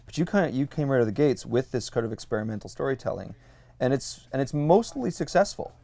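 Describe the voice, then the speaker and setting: A man's voice: medium pitch, very animated, fast talker, gravelly, dark tone. A man hosting an interview podcast, chatty, often restarting his sentences. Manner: chatty, reads quotes aloud with restarts. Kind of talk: casual interview chat.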